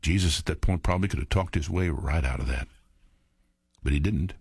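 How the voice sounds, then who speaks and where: A man's voice: a bass voice, a little fast, creaky, a little mellow, husky, no echo, clean studio sound. A man teaching a sermon, reading verses aloud and then commenting on them in a plain, conversational way that speaks directly to his listeners. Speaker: Bible teacher.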